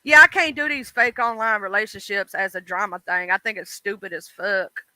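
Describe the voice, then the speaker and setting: A woman's voice: mid-range voice, moderate pace, bright, forceful tone, no echo, poor audio. A woman hosting a casual livestream, chatting bluntly about online drama and swearing freely. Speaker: livestream host.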